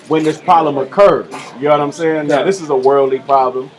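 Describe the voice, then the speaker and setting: A man's voice: on the high side, a little fast. A man hosting a live radio show in casual chat, loose and slangy, leaning on "you know what I'm saying". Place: large indoor room.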